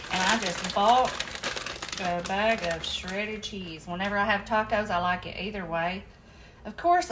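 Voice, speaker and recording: A woman's voice: mid-range voice, noisy background. Chatty woman cooking in her kitchen. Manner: chatty, folksy, addresses viewers as y'all. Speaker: home cooking vlogger. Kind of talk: casual chat while cooking. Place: home kitchen.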